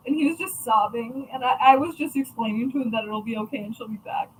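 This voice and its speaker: A woman's voice: fairly high pitch, fast talker, hardly any pauses, a little hiss or hum, rough recording. A young adult woman chatting casually to viewers, blunt and chatty with frequent swearing. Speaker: crafting channel host.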